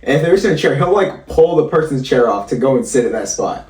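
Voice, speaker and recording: Relaxed guest guy, echoey room. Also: medium pitch, fast. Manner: relaxed, hesitant storyteller. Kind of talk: casual chat. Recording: echoey room, distant mic, faint noise.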